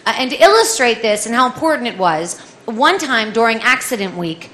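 A woman in her forties telling a comic personal story, lively and animated, acting out the voices of the people in it. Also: on the high side, brisk. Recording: echoey room with faint ambience.

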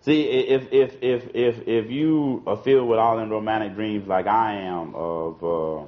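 A man with a lowish voice and measured pace speaks to an audience in a loose, conversational political talk, repeating words and frequently saying "you know" and "see." It comes from a dull lo-fi archival recording.

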